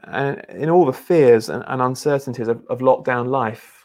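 Male preacher, mid pitch, earnest and halting, sermon delivery. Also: darkish tone. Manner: earnest, halting with repeated restarts.

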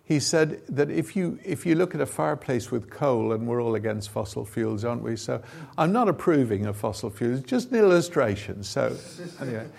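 A man's voice: medium pitch, animated, normal speed, gravelly, few pauses, darkish tone. A man leading an informal sermon and Bible teaching session, talking conversationally with asides and fillers. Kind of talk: informal sermon with audience participation.

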